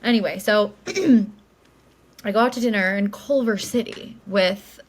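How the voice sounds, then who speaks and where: A woman in her late twenties co-hosts a podcast, telling a story in a rambling, chatty way packed with likes and ums; she calls herself a yapper. Her medium-pitched voice is fairly even in intonation, at a measured pace, in casual conversation.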